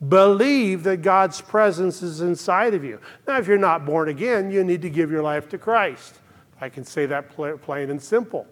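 Older pastor guy preaching, pretty high voice, earnest and punchy, church hall echo trailing off. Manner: earnest, emphatic preaching with rising exclamations. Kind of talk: sermon.

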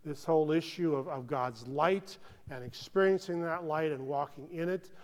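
A man preaching a sermon in an earnest, conversational way, often checking in with "okay?" and dropping to hushed tones. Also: a little high, moderate pace, long reverb tail. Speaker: pastor.

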